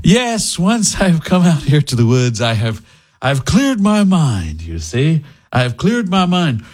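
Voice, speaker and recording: Prissy dandy who fakes a simple life, played by a man as a put-on voice, high and drawn-out. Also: huge pitch swings, darkish tone, heavily acted. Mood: smug. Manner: affected, drawling, self-satisfied. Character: pompous dandy man posing as a hermit.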